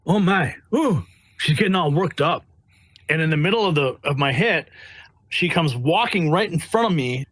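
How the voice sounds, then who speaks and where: His voice is a little high and a bit bright, captured on a rough recording with no echo. As a White House press correspondent in an animated interview, he recounts stories bluntly and emphatically, imitating the voices of those in them.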